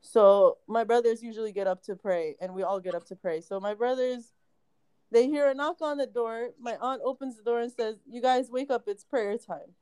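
Woman storyteller, easygoing, laughs a lot, higher voice, dry sound. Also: moderate pace, mellow, clear, resonant tone, dry recording. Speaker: podcast co-host. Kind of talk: casual storytelling.

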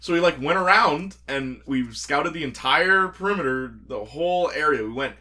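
A man, telling stories in a casual chat, animated and laughing as he acts out quotes. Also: on the high side, normal speed.

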